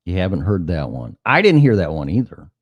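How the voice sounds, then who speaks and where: Middle-aged male host, deep voice swinging wide, dry close sound, profane storyteller. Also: fairly quick, dry recording, muffled recording. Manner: animated, profane, acts out dialogue. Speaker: talk show host. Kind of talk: casual chat, anecdotal storytelling.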